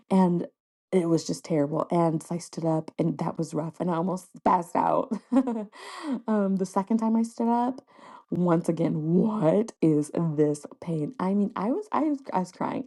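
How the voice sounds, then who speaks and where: A woman's voice: lowish voice, creaky, mellow. A young adult woman hosting a podcast, chatting casually and candidly to her listeners with frequent fillers and little laughs. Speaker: podcast host. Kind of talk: casual solo podcast chat.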